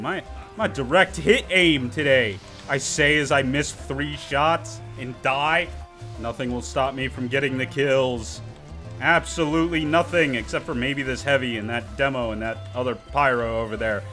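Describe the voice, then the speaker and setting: A man hosting his gaming channel, giving joking, sarcastic, excitable commentary as he plays. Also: medium pitch. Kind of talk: gameplay commentary.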